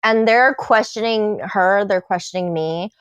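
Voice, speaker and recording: A woman on a podcast telling her own story in casual chat, animated and swearing, acting out what people said. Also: mid-range voice, unhurried, clean tone, dry recording. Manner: animated, swearing, acts out quotes.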